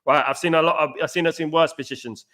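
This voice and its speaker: A man's voice: fairly high pitch, steady tone, fast, bright, forceful tone. A man from the East End of London with an East London accent, hosting a live fan stream, emphatic and repetitive, calling his viewers mates. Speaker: fan channel host. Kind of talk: live match-day stream chat. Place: home in an apartment complex abroad.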